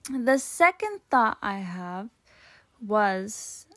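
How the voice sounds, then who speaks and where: A woman's voice: a little high, a little slow, slight background noise. A young woman hosting a casual solo podcast, chatting and rambling through her old written notes with lots of fillers. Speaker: podcast host.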